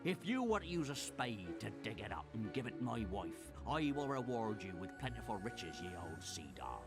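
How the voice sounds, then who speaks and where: An actor playing the ghost of an old pirate in a video game, speaking in a growling pirate accent full of theatrical "arr"s, over game music. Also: male voice, on the low side, sing-song, moderate pace. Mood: mournful. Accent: pirate West Country. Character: ghostly old male pirate, mournful and grand. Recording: game audio with music behind.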